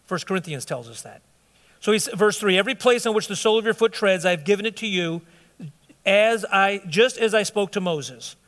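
A visiting pastor gives an informal, conversational sermon, joking with the congregation and correcting himself along the way. His voice is high with a fairly bright tone at normal speed, and a long hall reverb fills the recording.

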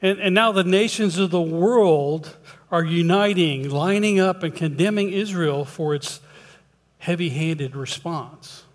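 A man's voice: a little high, unhurried. A man preaching in a church, telling a folksy joke and then leading a prayer with hesitant restarts. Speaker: lay preacher. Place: church sanctuary. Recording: long hall reverb.

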